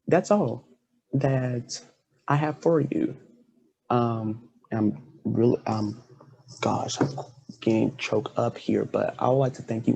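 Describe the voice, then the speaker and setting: A man's voice: mid-range voice, creaky, warm tone, breathy edge. A man hosting a podcast, chatting with a guest in an earnest, heartfelt way. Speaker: podcast host. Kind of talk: casual interview chat.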